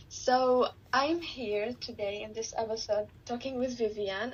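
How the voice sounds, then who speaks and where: A teenage girl speaks as a guest on a casual podcast in a slightly high, husky voice. She is earnest and soft-spoken and pauses on "like" fillers. The recording sounds dull and lo-fi. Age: teens.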